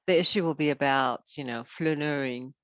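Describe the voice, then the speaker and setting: Low-voiced woman rambling casually, says "you know" a lot, kinda muffled and dry. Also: moderate pace, fairly bright tone, dry recording. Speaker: podcast host. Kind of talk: casual chat.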